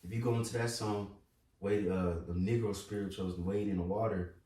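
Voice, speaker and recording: A man co-hosting a casual religious talk, relaxed and affirming, steering the discussion. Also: on the low side, normal speed. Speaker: co-host. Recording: distant echoey room mic.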